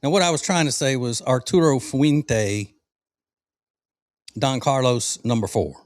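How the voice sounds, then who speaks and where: A man's voice: medium pitch, expressive, unhurried, no echo. A middle-aged man from the South, hosting a casual cigar-smoking podcast chat in a rambling, folksy way with fillers and restarts. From American South. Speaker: podcast host.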